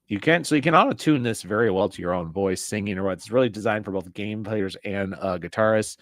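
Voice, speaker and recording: A man's voice: fairly low pitch, fairly quick, few pauses, fairly bright tone, no room sound, clean studio sound. A man casually reviewing an audio mixer, rambling and chatty as he demonstrates it into a desk mic. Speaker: gear reviewer. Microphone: desk mic through a mixer.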